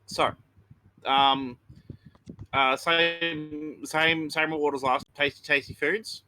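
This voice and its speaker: A man's voice: on the high side, steady tone, slow pace, sharp tone, smooth, soft background music, low-quality recording. A man playing a tabletop game, talking in a hesitant, casual way full of ums. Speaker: player.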